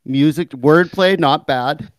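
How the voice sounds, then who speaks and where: A man's voice: on the high side, slow, no echo. Dry, teasing man on a podcast. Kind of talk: casual chat.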